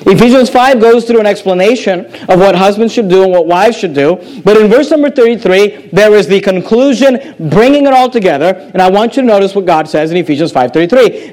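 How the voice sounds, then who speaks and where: Male pastor, high voice, emphatic sermon delivery with repeated phrases. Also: a little fast, few pauses, low-quality recording. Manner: emphatic preacher with sharp pitch drops and repetitions.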